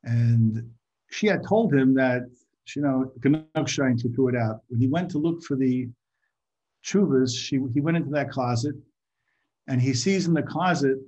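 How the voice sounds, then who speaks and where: A man giving an informal Torah talk to a group, halting and repeating his words, sometimes asking the audience questions. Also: medium pitch, darkish tone. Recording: muffled lo-fi recording.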